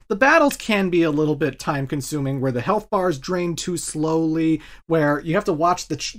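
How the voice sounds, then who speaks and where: A man's voice: on the high side, fairly bright tone. A man in his thirties co-hosting a podcast, chatting casually and eagerly about video games. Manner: enthusiastic, rambling gamer talk. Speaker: podcast co-host. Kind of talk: casual chat.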